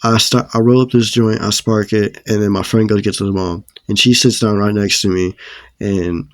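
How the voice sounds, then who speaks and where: A man's voice: fairly low pitch, steady tone, normal speed, no room sound, studio quality. A young man telling a story in a casual, slangy, profane way. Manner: laid-back, slangy and profane. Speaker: storyteller vlogger.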